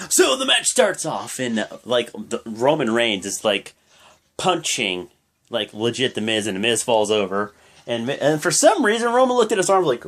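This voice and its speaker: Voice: medium pitch, sing-song, normal speed. A vlogger giving a loose, chatty recap of a wrestling show, full of fillers and restarts. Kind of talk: casual spoken recap.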